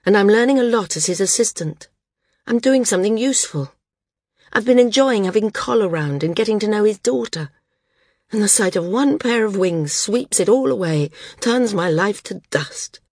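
A woman's voice: medium pitch, lively intonation, moderate pace, a little mellow, husky, no echo, studio quality, pitched above the performer's own voice. A woman voicing an anguished grounded woman flyer. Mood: bitter. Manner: anguished, pleading to be left alone. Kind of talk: audiobook character reading.

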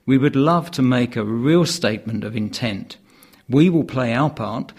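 Guy reading out local football news, plain and steady, dry little asides. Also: mid-range voice, measured pace, breathy edge. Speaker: news reader.

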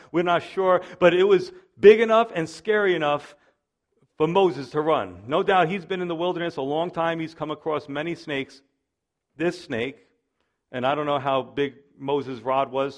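Male pastor, sermon, chatty storytelling, slightly high voice. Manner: conversational storytelling preaching.

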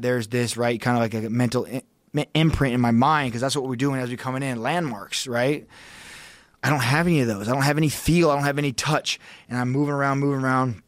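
A man's voice: medium pitch, no room sound. A man guest on a podcast, telling a story in a casual, profane, intense way and reliving it vividly.

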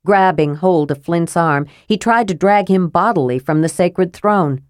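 A woman narrating a fantasy audiobook in a measured, steady reading. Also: lowish voice, no room sound, clean studio sound.

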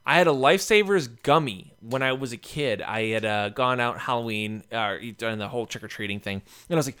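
A man telling a rambling story in casual chat, full of "like" fillers and animated retellings. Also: medium pitch, brisk, clean tone.

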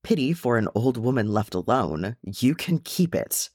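A man's voice: mid-range voice, very animated, measured pace, a little mellow, no room sound, studio quality. A man voicing a bitter, grieving old dwarf woman in a storybook reading, speaking coldly and curtly.

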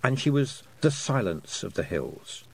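A man narrating an audiobook in an expressive storytelling manner. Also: mid-range voice, a little slow, vocal fry, husky. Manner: expressive storytelling, voicing the characters. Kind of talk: scripted narration.

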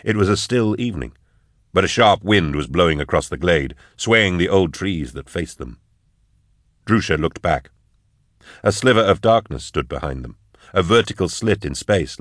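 A man giving steady, measured scripted narration of an audiobook. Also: low voice, no room sound, clean studio sound.

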